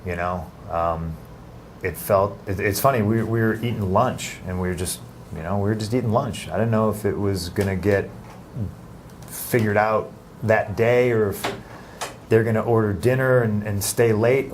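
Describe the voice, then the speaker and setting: A man giving an interview in a casual, halting way, with many restarts and fillers. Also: on the low side, a little mellow, a little hiss or hum. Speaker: interview guest.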